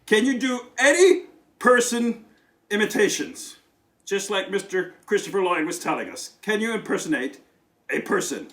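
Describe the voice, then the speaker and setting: A cheerful male dragon puppet, put on by a man, chattering in a high voice that swoops all over. He takes his time with every line, and the room around him rings with echo. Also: lively intonation, normal speed, fairly bright tone, far from the mic. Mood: puzzled. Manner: bouncy, theatrical, exclaiming. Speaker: puppet character on a children's show. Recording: roomy echo.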